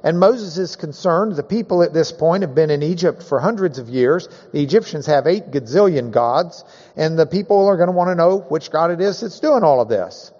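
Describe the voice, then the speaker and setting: A man's voice: a little high, animated, moderate pace, darkish tone. A man teaching a Bible class in a folksy, joking way, leaning hard on key words. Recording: dull, echoey hall recording.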